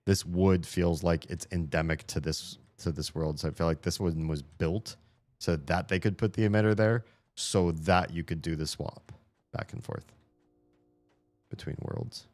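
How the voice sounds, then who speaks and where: A man with a very low voice talks his way through a puzzle game on a live stream. He rambles, pokes fun at himself and curses when stuck. He jumps into high, excited shouts when a puzzle finally works. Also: measured pace. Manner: rambling, self-mocking, swears when frustrated; bursts into high excited shouts at small wins. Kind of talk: live gameplay commentary.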